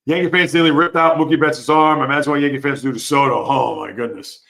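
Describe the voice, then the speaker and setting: A man hosting a live sports talk stream, reading chat comments and giving opinionated, animated reactions. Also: a little high, fast talker, vocal fry. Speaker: sports show host.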